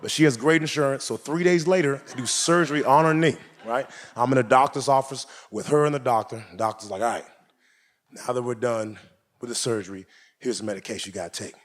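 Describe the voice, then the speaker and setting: A young man doing a stand-up comedy routine, telling a story with animated delivery and acted-out voices on a club stage. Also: medium pitch, fairly quick. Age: 20s.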